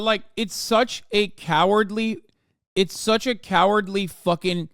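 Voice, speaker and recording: A man's voice: high voice, fairly bright tone, clean tone, no room sound, clean studio sound. A man in his thirties hosting a live stream, reacting to a video and ranting to his chat in heated, profane outbursts. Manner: talks straight to his chat. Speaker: livestream host.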